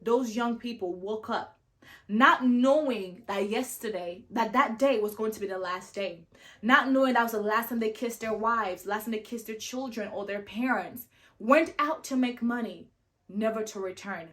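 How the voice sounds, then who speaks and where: A young woman vlogger telling travel stories in a casual, animated way, full of "like" and acted-out quotes. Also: fairly high pitch, normal speed. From family from Sierra Leone, raised abroad. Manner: animated, lots of "like" and "you know", acts out quoted dialogue. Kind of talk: casual storytelling to camera.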